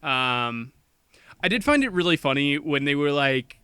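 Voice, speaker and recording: A young adult man co-hosting a podcast, talking casually with an animated, jokey manner. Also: on the high side, unhurried, clean tone, no echo. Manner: animated, jokey, laughs often. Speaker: podcast co-host. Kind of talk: casual chat.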